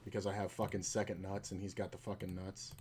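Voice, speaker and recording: A man's voice: low-pitched, flat delivery, fast, darkish tone, slight background noise. A man commenting on his own online poker play, swearing often and telling stories in a frustrated, ranting way. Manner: long anecdote with acted-out quotes.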